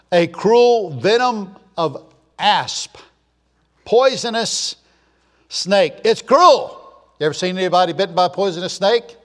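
A man preaching a sermon, emphatic, snapping between loud punchy words and quiet asides, using call-and-answer lists. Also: sits high. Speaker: pastor.

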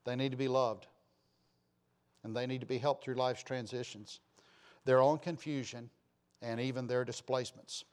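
A man preaching a sermon with passion, swinging between loud declarations and soft asides and posing rhetorical questions to his listeners. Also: mid-range voice, fairly even intonation, normal speed, long pauses.

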